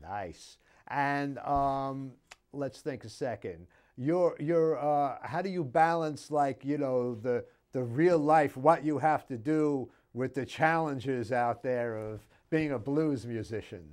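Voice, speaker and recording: A man hosting a relaxed interview show at an ordinary pitch. He talks in a loose, rambling way with plenty of fillers, and he keeps tossing in a friendly "buddy." The delivery is unscripted chat. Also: slow. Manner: easygoing, rambling, keeps calling the guest buddy. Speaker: show host interviewing a musician.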